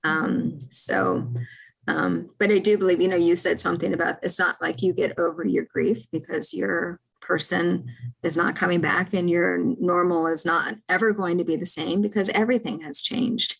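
A woman's voice: on the low side, fairly even intonation, moderate pace, gravelly, breathy edge, low-quality recording. A woman speaking as a podcast guest, talking in a reflective, earnest way. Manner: reflective, earnest, with many fillers. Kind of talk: casual podcast conversation.

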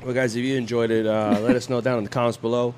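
A man's voice: mid-range voice, little pitch movement, fast talker, heavy background noise. Joking man hosting a podcast. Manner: joking, laughs often. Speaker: podcast host. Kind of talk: casual chat.

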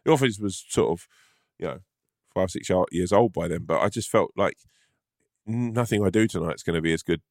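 Deep-voiced sweary comedian. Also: male voice, moderate pace, gravelly, pauses often, no room sound, clean studio sound. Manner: sweary, animated storyteller. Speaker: podcast co-host, comedian. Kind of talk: casual chat.

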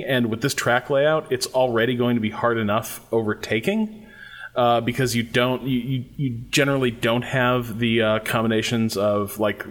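A man, a guest on a casual podcast, talks with eager enthusiasm. He stumbles and restarts his sentences often and leans on "like" as he works out his points. His voice sits at an everyday middle pitch. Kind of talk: casual chat.

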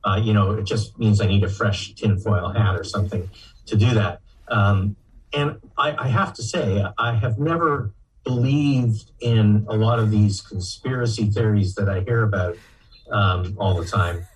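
An older man answering interview questions in a measured way, with hesitations and fillers. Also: fairly low pitch, far from the mic, slight background noise, poor audio. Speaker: guest researcher.

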